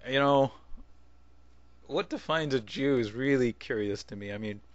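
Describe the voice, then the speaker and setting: A mid-range male voice at a moderate pace, captured with no room sound and dull audio. The video blogger rambles casually in his response, interrupting himself with chuckles and fresh starts.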